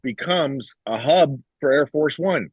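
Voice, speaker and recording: Cussing ranty guy on a podcast, husky, voice jumps all over, kinda dull lo-fi sound. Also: on the high side, animated, slow, no echo. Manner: profane, ranting, exclamatory. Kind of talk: casual podcast chat. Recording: dull, slightly lo-fi recording.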